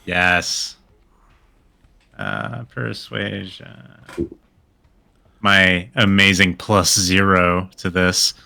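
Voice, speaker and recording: Man, tabletop player, slow, bright, playful, giggly, online call. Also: low voice, fairly even intonation, gravelly, clean tone. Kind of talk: playing a tabletop game.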